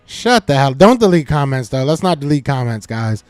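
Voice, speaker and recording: A man's voice: medium pitch, normal speed, smooth, dry recording, soft background music. A man hosting a sports talk live stream, answering his chat with teasing jabs that he repeats several times. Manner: animated, talks back to chat commenters. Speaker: podcast host.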